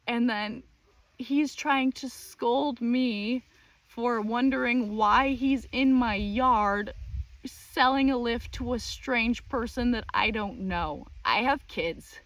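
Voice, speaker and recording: A woman hosting her own channel, telling a personal story in a casual, animated and exasperated way, with many fillers. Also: on the high side, slow pace, no room sound. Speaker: channel host.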